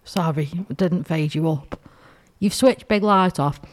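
A woman's voice: low voice, a little slow. A woman on a radio show, tired and a little fragile today. She chats loosely and laughs at her own slips, keeping it light and self-mocking. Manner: self-mocking, giggly banter. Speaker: radio co-host. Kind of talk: casual on-air chat.

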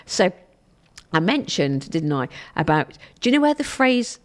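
A woman's voice: lowish voice, sing-song, unhurried. Chatty woman local radio presenter. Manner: chatty, rambling, self-correcting. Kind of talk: casual radio chat.

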